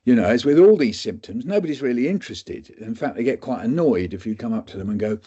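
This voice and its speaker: A man's voice: medium pitch, lively intonation, quick pace, mellow, breathy edge, dull audio. An older English man telling rambling, self-mocking anecdotes as a guest speaker on a webinar, slipping into quoted voices. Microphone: video call.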